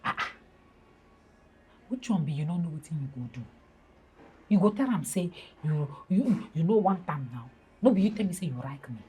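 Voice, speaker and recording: A hurt, jealous young woman with a Nigerian Pidgin accent in a film drama. Her voice is a little low and very husky, and she talks in an accusing, pleading way. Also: expressive, normal speed, long pauses, warm tone. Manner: accusing, emotional pidgin talk.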